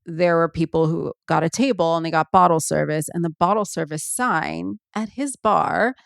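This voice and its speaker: A woman's voice: deep voice, moderate pace, vocal fry, no echo, studio quality. A woman hosting a solo podcast, chatting casually and rambling with many ums and asides. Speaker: podcast host.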